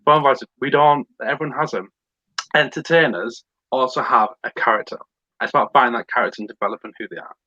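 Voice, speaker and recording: A man talks as a podcast guest, animated and eager to demonstrate voices. His tone is bright and forceful. The recording sounds dry and slightly muffled, like a lo-fi stream. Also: medium pitch, a little fast, dry recording. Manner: animated, mimics voices while explaining. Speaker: guest entertainer. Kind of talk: casual podcast chat.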